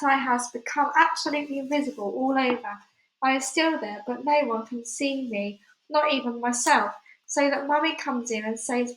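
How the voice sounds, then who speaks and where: A woman reading a children's storybook aloud, carrying the dreamers' lines with lively storytelling. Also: sits high. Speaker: reader. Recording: echoey room.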